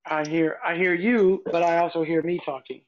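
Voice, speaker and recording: An older woman co-hosting a podcast tells a story in a chatty, meandering way, restarting her sentences as she goes. Her voice has a gravelly, fry-tinged texture. The sound comes through a dull, muffled live-stream feed. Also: lowish voice, fairly even intonation, normal speed. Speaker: podcast co-host. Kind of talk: casual storytelling chat.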